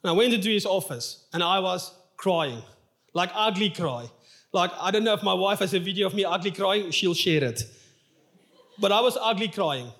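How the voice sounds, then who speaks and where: A man's voice: high-pitched, expressive, moderate pace, a bit bright. A male pastor preaching a sermon in a church, telling a personal story in an open, emotional, confessional way.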